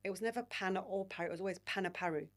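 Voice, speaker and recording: A woman's voice: medium pitch, very fast. A woman, a podcast guest who talks candidly, swears freely and calls people babe and mate. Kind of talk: casual podcast interview.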